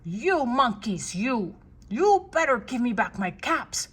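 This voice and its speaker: An older woman voicing a frustrated male cap peddler in a storybook read-aloud, shouting in a shrill, strained voice. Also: lively intonation, slow, heavily acted. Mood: angry, shouting.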